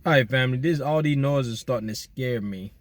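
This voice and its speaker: Laid-back slangy man doing shout-outs. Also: medium pitch, brisk, no room sound. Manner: relaxed slangy banter with listeners. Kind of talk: casual chat. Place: outdoors at night.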